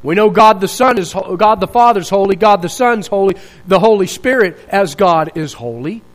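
High-voiced man preaching a sermon. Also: animated, moderate pace, low-quality recording. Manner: earnest, searching, with restarts and rhetorical questions. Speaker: pastor.

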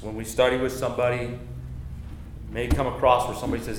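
A man's voice: mid-range voice, level tone, quick pace. A man teaching a church Bible class in a conversational, joking way, often correcting himself. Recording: echoey room, faint noise.

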